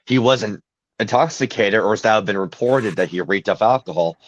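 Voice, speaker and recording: A man's voice: fairly low pitch, brisk, dry recording. A man hosting a podcast in casual chat, reading news items aloud and giving blunt opinions. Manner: blunt and opinionated, with a few fillers. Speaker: podcast host. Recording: dry, dull lo-fi sound.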